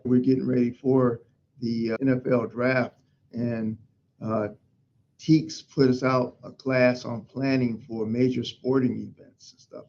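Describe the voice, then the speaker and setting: A middle-aged man from Pennsylvania, a fire chief, telling stories in an interview in an emphatic, animated way. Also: mid-range voice, gravelly, highs cut off. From Pennsylvania, USA. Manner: emphatic, animated storytelling with acted-out quotes. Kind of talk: storytelling in an interview.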